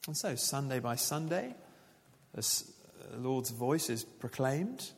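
A pastor preaches to his congregation in an easy, conversational way, often asking questions of them. His mid-pitched voice carries a long reverb from the church hall where he speaks. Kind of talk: sermon.

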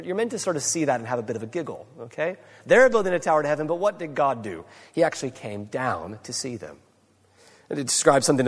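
A man preaching a sermon to a congregation, animated and given to wry asides. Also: a little high. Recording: long echo of a large church hall.

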